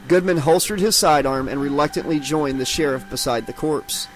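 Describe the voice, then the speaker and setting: A man's voice: a little high, moderate pace, hardly any pauses, faint music behind, rough recording. A man narrating an unabridged horror audiobook dramatically, giving each character its own voice.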